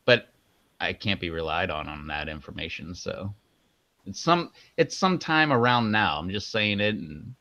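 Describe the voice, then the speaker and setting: A man's voice: deep voice, lively intonation, normal speed, pushed and bright, no room sound. A man co-hosting a casual live stream, rambling and joking as he hypes up his co-host. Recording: dull lo-fi sound.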